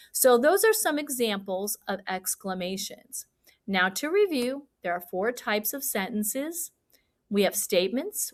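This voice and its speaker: Patient woman teaching fourth graders. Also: medium pitch. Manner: patient, clear, acts out example sentences with feeling. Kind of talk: recorded remote lesson for children.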